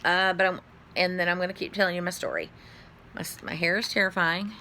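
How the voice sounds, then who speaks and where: A middle-aged woman, chatting casually to camera at home in a rambling way, with sudden high exclamations. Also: fairly even intonation, fairly quick, bright, forceful tone, slight background noise. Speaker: vlogger. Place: at home indoors.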